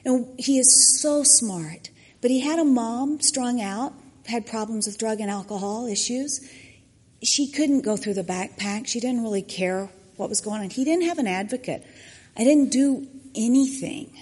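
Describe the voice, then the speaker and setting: A woman's voice: a little high, measured pace, darkish tone, slightly rough. A woman, a church mentor giving a personal testimony, acting out the quotes in her story. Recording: long hall reverb.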